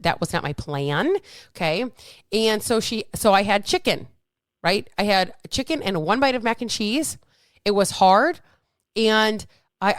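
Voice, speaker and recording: A woman's voice: medium pitch, clear, resonant tone, no echo. Woman podcast host and coach; casual, blunt, upbeat, dry close recording. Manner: blunt, swears freely, upbeat. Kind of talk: casual motivational talk.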